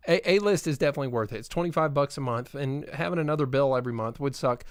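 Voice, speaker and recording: A man co-hosting a casual movie chat, talking in a relaxed, chatty way with many filler words. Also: mid-range voice, quick pace, smooth, no echo, clean studio sound. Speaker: podcast co-host.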